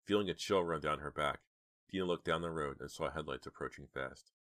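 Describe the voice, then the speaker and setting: A man narrating an audiobook with measured, dramatic storytelling. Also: very deep voice, a bit bright, no room sound, studio quality. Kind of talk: audiobook reading.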